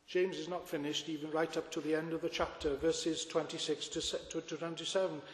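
Earnest preacher in an echoey church. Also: male voice, a little high, little pitch movement, a little fast. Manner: earnest, asks the congregation rhetorical questions. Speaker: pastor. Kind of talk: sermon. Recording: echoey church with long reverb.

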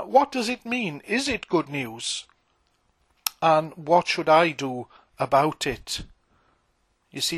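A man preaching a sermon as pastor, earnest and emphatic, pausing often with fillers. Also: a little high, fairly bright tone, no echo.

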